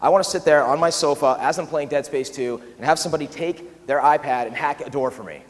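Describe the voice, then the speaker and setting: Fast, animated man on a conference stage. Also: a little high. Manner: animated, quick, acts out quoted asides. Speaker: conference speaker. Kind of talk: keynote talk. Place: large conference hall. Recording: long reverb of a large hall.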